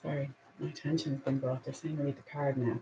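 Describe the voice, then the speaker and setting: A woman hosting a casual spiritual talk and reading angel cards, earnest and reflective, with soft laughs and a little emotion. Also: extremely low pitch, flat delivery, a little fast, dull audio, slight background noise.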